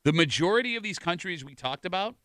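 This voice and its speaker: Man, radio host, fast, bright voice, animated rambling banter, dry studio mic. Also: sits high, no room sound. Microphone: studio microphone.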